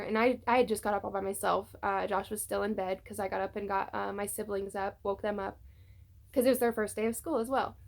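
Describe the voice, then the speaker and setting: At home, a young woman vlogs into her phone on a tripod, chatting about something personal and using many fillers. Her medium-pitched voice is creaky. At times she is tearful.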